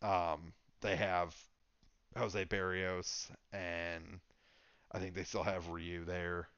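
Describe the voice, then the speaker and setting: A man's voice: deep voice, level tone, takes it slowly, a bit bright, clean tone, no room sound, dull audio. A man co-hosting a podcast, chatting casually and thinking aloud with lots of fillers. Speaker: podcast co-host. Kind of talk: casual sports chat.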